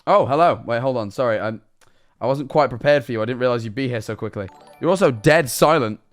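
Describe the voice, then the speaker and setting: Brief: male streamer hamming it up as a priest, smooth clear tone, playful. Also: mid-range voice, fast talker, faint music behind. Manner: playful, joking. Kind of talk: comedic role-play stream.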